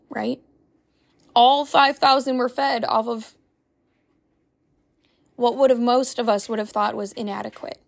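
A young woman with a high, light voice hosts a faith-based podcast. She speaks in an earnest, preachy way and leans on rhetorical questions to stir her listeners. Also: fairly even intonation, unhurried, vocal fry, long pauses. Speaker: podcast host. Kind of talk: faith-based motivational talk.

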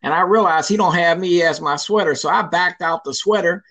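A man in his sixties telling a personal story in an interview, lively and emphatic, acting out what people said. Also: sits high, a little fast, poor audio. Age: 60s. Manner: lively, emphatic storyteller who acts out quoted lines.

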